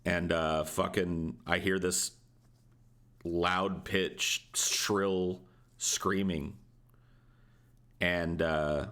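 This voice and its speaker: Low-voiced man telling a crude story. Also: flat delivery, slow, long pauses, a bit bright. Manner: profane, rambling, laughs often. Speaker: podcast co-host. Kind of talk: casual storytelling.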